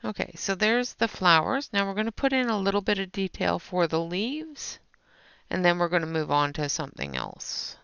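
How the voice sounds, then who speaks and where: Woman with a really gravelly voice chatting with her stream while coloring, dry dull lo-fi sound. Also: lowish voice, big pitch swings, moderate pace, a bit bright, no echo. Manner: chatty, talks to viewers in chat while working. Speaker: livestream host. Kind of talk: casual livestream chat while demonstrating colouring.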